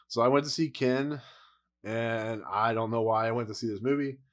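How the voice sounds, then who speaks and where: A man's voice: mid-range voice, fairly even intonation, moderate pace. Exasperated man ranting about movies. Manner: blunt, exasperated, rambling with laughs. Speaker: movie reviewer. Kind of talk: casual movie review rant.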